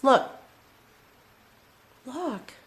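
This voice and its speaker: A woman giving an emotional, earnest spiritual tarot reading, talking straight to the viewer and often checking in with a soft "okay?". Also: drawn-out words. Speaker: tarot reader.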